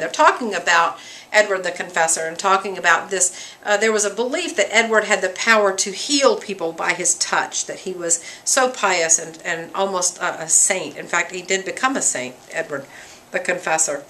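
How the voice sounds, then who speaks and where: A woman's voice: mid-range voice, unhurried, pushed and bright, low-quality recording. A woman teaching a class, reading quoted lines from a play and paraphrasing them in plain, everyday words. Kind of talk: lecture walking through a play.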